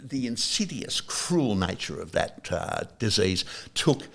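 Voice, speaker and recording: A man's voice: lowish voice, slow pace, gravelly. An older Australian man, a saxophonist and podcast guest, telling anecdotes in casual chat and acting out other people's lines. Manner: animated storyteller who acts out other people's lines.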